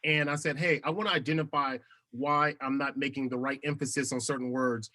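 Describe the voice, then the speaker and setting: Bright-voiced animated man telling stories. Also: mid-range voice, a little fast. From United States. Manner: animated, laughs often. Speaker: podcast guest, TV host. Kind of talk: casual interview storytelling.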